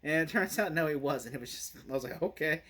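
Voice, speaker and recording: A man's voice: fairly high pitch, fast talker, a bit bright, slightly rough. A man giving a casual spoken movie review, rambling and laughing often.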